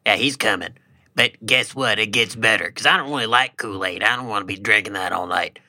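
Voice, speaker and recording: A man co-hosting a podcast, pitching absurd ideas in a deadpan, matter-of-fact way. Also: a little fast, dry recording. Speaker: podcast co-host. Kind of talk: casual comedic chat.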